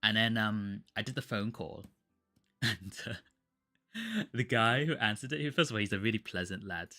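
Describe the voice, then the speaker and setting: A man's voice: fairly low pitch, moderate pace, sharp tone. A man who streams his art, rambling through a story in casual chat with many fillers and restarts. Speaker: streaming artist. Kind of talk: casual chat while drawing. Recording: faint music behind.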